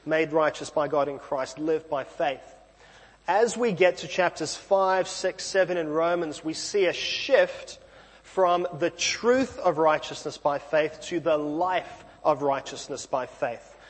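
A man's voice: on the high side, big-room sound. A man preaching a sermon in a church, talking conversationally with light self-deprecating asides.

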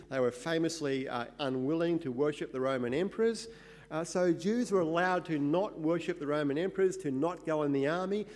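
A man, a pastor, giving verse-by-verse Bible teaching in an emphatic, explanatory way, often pausing with "uh". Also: fairly high pitch, darkish tone, big-room sound. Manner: explanatory, emphatic, with frequent "uh" fillers.

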